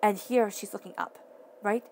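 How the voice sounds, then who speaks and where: This woman's medium-pitched voice is slightly mellow, with fairly even intonation and a normal pace, and a little background noise sits behind it. Reading tarot casually for the listener, she addresses them directly, emphatically and earnestly, often rephrasing what she's said.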